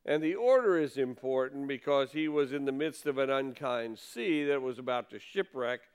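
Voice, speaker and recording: A man preaching a sermon, earnestly, rising for quoted questions and dropping low for asides. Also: animated, moderate pace, smooth. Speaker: pastor.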